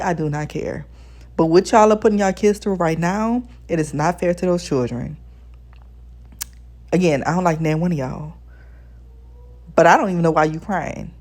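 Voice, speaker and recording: A woman's voice: fairly low pitch, a little mellow. A woman giving blunt, exasperated casual commentary as a TV show reviewer, talking straight to her viewers. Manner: addresses viewers as besties.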